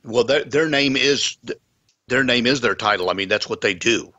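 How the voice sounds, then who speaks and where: A man's voice: medium pitch, moderate pace, sharp tone, dull audio. A man, a pastor, earnestly telling a story in a conversation, with folksy sayings. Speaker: pastor and guest.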